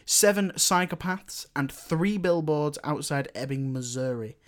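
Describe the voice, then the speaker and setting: A young man co-hosting a casual film podcast, talking in a rambling, halting way full of fillers. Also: on the high side, lively intonation. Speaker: podcast co-host.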